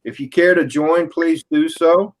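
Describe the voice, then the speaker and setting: A man hosting a livestream, reading out viewer comments in a relaxed way. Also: fairly high pitch, unhurried, poor audio. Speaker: stream host reading chat. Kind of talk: casual chat.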